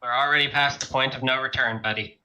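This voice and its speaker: A man's voice: mid-range voice, fairly even intonation, quick pace, bright, forceful tone, rough recording. A man playing a tabletop game, talking casually and decisively, taking charge. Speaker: player. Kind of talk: in-character tabletop game talk.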